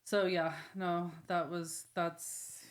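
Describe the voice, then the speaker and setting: A woman's voice: on the low side, flat delivery, slow pace. A woman from the United States hosting a podcast in loose, chatty talk and laughing easily. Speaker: podcast host. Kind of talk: casual chat.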